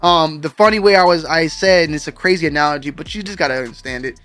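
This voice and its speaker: A man's voice: fairly high pitch, fast talker, fairly bright tone, faint music behind. A man hosting a sneaker news show, talking casually and slangily straight to his viewers. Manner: slangy, conversational, addresses viewers directly. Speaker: show host.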